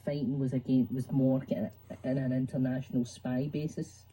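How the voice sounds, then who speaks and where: A man co-hosting a podcast in casual chat, dry and grudging, with a deadpan delivery. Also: mid-range voice, moderate pace, slight background noise, poor audio. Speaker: podcast co-host.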